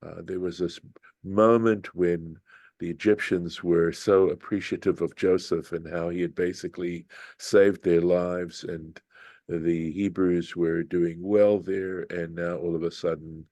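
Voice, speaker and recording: An older man, a rabbi, giving a reflective scripture lesson with frequent pauses and restarts. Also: low-pitched, level tone, warm tone, dry recording. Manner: thoughtful, unhurried, reflective with many restarts. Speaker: rabbi teaching Torah study.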